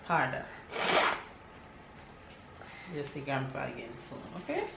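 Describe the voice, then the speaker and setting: A woman, vlogging at home as a mother who soothes over and over in a soft voice. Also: very deep voice, sing-song, fairly quick, creaky. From Jamaica. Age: 30s. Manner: soft repetitive soothing of a crying child. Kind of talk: casual home vlog. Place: home kitchen. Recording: echoey room with background noise.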